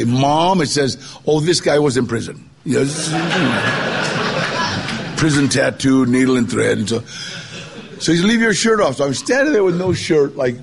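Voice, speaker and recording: An older man, a guest storyteller, recounts his life story in a relaxed, conversational way and performs the voices of the people he quotes. His voice is a little high with a breathy edge.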